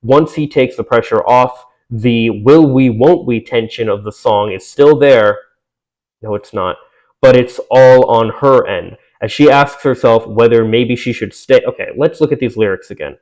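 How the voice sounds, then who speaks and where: A man's voice: medium pitch, normal speed, darkish tone, poor audio. A young man reacting to an article he reads aloud, sarcastic and exasperated, swearing often. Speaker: commentator.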